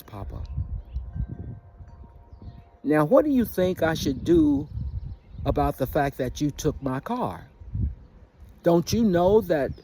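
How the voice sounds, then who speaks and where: A man voicing a stern older sheriff grandfather who lectures slowly and commandingly. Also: a little high, darkish tone, full character voice.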